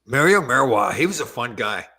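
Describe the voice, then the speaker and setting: An older man hosts a relaxed podcast conversation, swapping stories with a friend. His voice has a bright, forward tone. He talks in an animated way and laughs easily. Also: mid-range voice, moderate pace. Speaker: podcast host. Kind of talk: casual chat.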